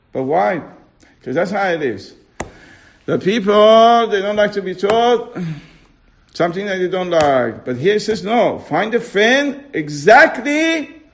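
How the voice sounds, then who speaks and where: A man teaching an informal religious class. He keeps quizzing his listeners with questions and slows down to stress key words. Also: high-pitched.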